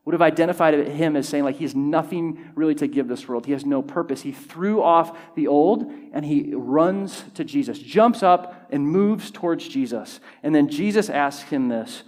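A man's voice: a little high, normal speed, few pauses, darkish tone. A male pastor preaching a sermon to a congregation, building intensity with repeated phrases. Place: church hall with congregation.

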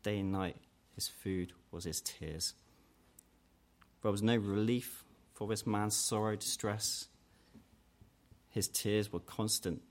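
A man with a low voice preaches an earnest sermon. He speaks steadily and with conviction, lifting his voice higher and louder whenever he voices the challenges he quotes. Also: steady tone, slow, long pauses. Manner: earnest, rises in pitch and force when quoting mockers.

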